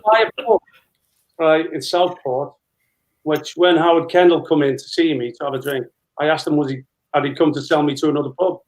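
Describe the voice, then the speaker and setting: A man in his fifties, a former footballer, telling lively anecdotes with frequent laughter as an interview guest. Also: fairly high pitch, a little fast, low-quality recording. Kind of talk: casual storytelling interview.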